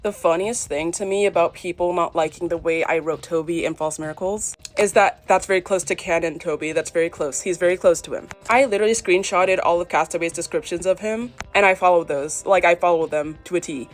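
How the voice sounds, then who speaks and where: A woman's voice: lowish voice, brisk, hardly any pauses, soft background music. Exasperated young woman ranting on her phone. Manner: exasperated, emphatic, repeats her points. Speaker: fan fiction writer. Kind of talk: casual rant vlog. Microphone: phone selfie.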